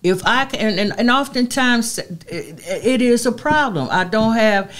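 A middle-aged woman, a community advocate appearing as an interview guest, speaks in a fairly high voice with lively intonation at a measured pace. Her delivery is emphatic and heartfelt, carrying a preacherly cadence.

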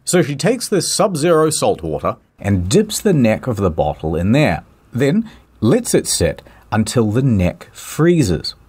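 A man's voice: wildly swooping pitch, measured pace, darkish tone, husky. A man telling a comedic history story with playful, dramatic timing. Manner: dramatic, playful timing with big pitch swings. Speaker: host.

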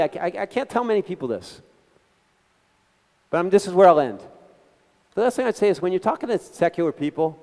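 A man with a fairly high but dark-toned voice addresses a community gathering as a guest speaker, talking earnestly and conversationally straight to the audience. A hall's long reverb colors the recording.

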